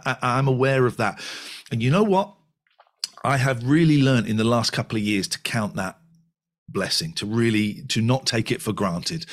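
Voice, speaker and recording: A man of about fifty, a podcast guest talking candidly and animatedly, with frequent restarts and repeated phrases. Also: mid-range voice. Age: 50s. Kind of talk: candid conversational reflection.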